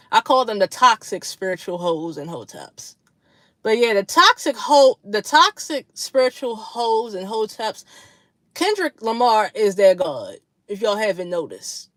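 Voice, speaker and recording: A woman's voice: medium pitch, animated, measured pace, fairly bright tone, dry recording. A woman hosting a casual livestream chat with her viewers, blunt, slangy and profane, laughing often between remarks. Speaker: livestream host.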